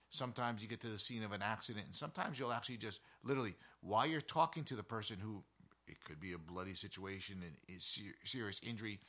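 A man who hosts an outdoor show, telling a story in a casual, animated, rambling way full of side remarks. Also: fairly low pitch.

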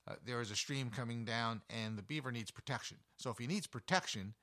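Bright-voiced man giving a folksy nature talk. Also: mid-range voice, fairly quick. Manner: folksy and animated, with chatty asides. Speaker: wildlife educator. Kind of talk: conversational nature talk with anecdotes.

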